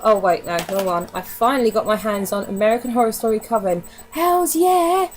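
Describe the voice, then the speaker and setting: A woman's voice: a little high, a little mellow, rough recording. A woman chatting casually to camera in a DVD haul vlog, candid and given to casual swearing. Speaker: vlogger.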